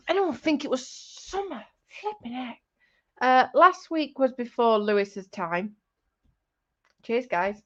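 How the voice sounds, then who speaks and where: A woman's voice: a little high, lively intonation, slow pace. A woman hosting a casual crafting livestream, teasing her partner and reading out chat comments. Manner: teasing, chatty, breaks into laughter. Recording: dull lo-fi stream audio.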